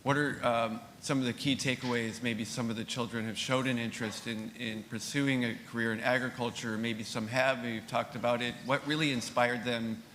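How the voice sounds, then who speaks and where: Hesitant male audience member, farmer, halting delivery, reverberant hall. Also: mid-range voice, steady tone, a bit bright. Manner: hesitant, many ums and restarts. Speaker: farmer asking a question from the audience. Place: conference hall. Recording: reverberant hall with faint room noise.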